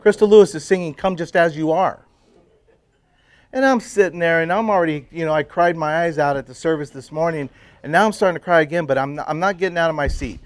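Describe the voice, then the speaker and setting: A middle-aged man telling his personal faith story to a men's group, drifting into hushed, emotional moments. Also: fairly high pitch, quick pace, no echo. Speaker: testimony speaker at men's breakfast.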